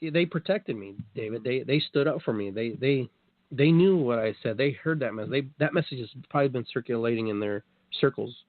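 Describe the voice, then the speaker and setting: Guy hosting a chatty show, animated storyteller, cusses a bit, sounds like a thin dry phone call. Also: mid-range voice, a little fast, no room sound. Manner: animated, acts out quotes, swears. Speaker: show host telling a story. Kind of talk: casual storytelling chat. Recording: dry tinny phone-like line.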